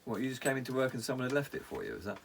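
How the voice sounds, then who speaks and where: A man's voice: medium pitch, very animated, rapid-fire, creaky, recorded from a distance, slight background noise. A man from Reading with a southern English accent, joking and laughing as co-host of a casual whisky-tasting chat. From Reading, Berkshire, England. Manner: joking, teasing, laughs often. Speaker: podcast co-host.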